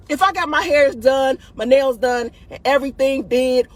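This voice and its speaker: A woman's voice: high voice, moderate pace, few pauses. A woman hosting a video, giving dating advice in blunt, profane casual talk, laughing often and tossing "listen" and "right?" at her audience.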